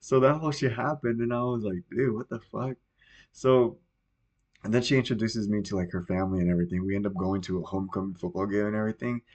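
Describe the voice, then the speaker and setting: A man's voice: on the low side, fairly even intonation, fast, darkish tone, dull audio. A young man hosting a podcast, telling a story in a rambling, profane, casual way with plenty of fillers. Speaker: podcast host.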